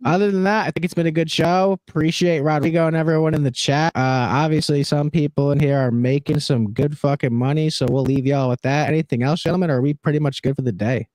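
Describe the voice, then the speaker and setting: A man's voice: fairly high pitch, fairly even intonation, fast, few pauses, a little mellow, dry recording. A man co-hosting a sports betting livestream in loose, profane, joking casual chat. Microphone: home setup streaming over the internet.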